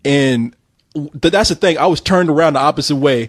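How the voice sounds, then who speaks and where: A man telling a story in casual chat, animated and swearing freely, acting out the voices of the people in it. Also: a little high, moderate pace, no room sound, clean studio sound.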